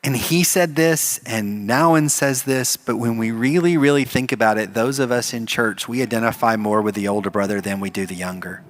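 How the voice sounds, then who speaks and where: A man preaching a sermon as pastor, telling the story in an animated way and acting out the characters. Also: medium pitch, normal speed, hardly any pauses. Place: church.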